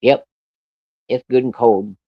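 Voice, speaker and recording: A man's voice: medium pitch, steady tone, takes it slowly, no echo. A man quoting a stern, bossy old woman witch in his own plain voice, on a dull lo-fi recording.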